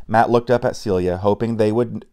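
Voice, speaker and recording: Man, audiobook reader, low pitch, plain unhurried narration, asides to listener. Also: fairly even intonation, dark tone, smooth. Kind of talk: reading a novel aloud with asides.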